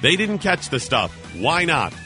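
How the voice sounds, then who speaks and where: A man hosting a talk radio show, telling a story in an animated, indignant way and acting out the people in it. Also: on the high side, measured pace, music in the background. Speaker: radio host. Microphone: studio mic.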